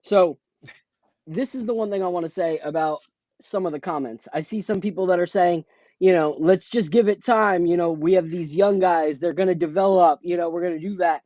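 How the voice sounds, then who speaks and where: A man's voice: high-pitched, moderate pace, dark tone, dry recording. Podcast co-host, male, opinionated and emphatic, lo-fi dull headset sound, dry. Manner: opinionated, emphatic, makes a point at length. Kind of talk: casual sports podcast chat. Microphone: headphones with a remote mic.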